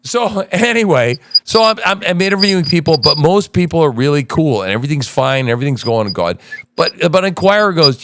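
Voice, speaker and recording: A man's voice: a little high, very animated, a little fast, background noise. A man hosting a podcast from his home in the woods, telling a rambling, profane story in casual chat. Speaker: podcast host.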